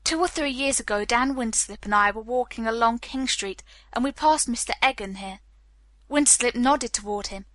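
A measured middle-aged male lawyer recounting an old encounter in a steady, even way, read by a woman. The voice is a touch high and bright, with a dry, close sound. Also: no echo, natural voice. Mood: earnest.

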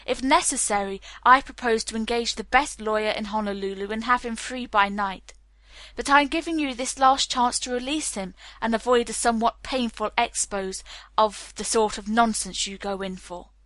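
A woman's voice: fairly high pitch, normal speed, a bit bright, no room sound, close to an everyday voice. A woman reading the part of a haughty, imperious middle-aged naval captain, stiff and formal. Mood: cutting.

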